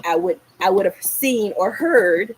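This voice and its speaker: A middle-aged woman hosting a gardening livestream, telling a story in a casual, animated way and acting out the lines she quotes. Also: measured pace, a little hiss or hum, rough recording. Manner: animated, acts out quoted lines with rising pitch. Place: small home patio garden, outdoors.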